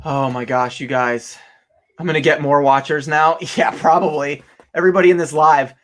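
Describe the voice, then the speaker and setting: An excitable young man chats on a casual live stream with a voice pitched a little higher than most men's. He laughs often and talks straight to his viewers, thinking out loud as he works. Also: moderate pace. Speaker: online reseller hosting a live stream. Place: home office.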